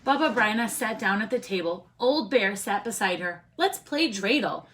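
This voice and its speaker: A woman teacher reading a picture book aloud to children, expressive and often asking the listeners questions. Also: mid-range voice, normal speed, slight background noise.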